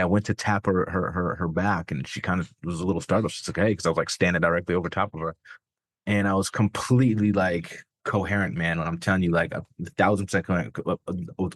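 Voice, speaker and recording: Man, very low voice, middle-aged, podcast guest, casual profane storytelling, dry close sound. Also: no room sound. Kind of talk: candid conversational storytelling.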